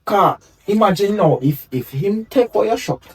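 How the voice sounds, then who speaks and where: A man's voice: sits high, expressive, normal speed, breathy edge, full character voice. A young man playing a brash youth who argues and brags in a web drama. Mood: defensive. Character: brash young Jamaican man arguing with a friend. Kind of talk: web series acting. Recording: voice picked up from a distance.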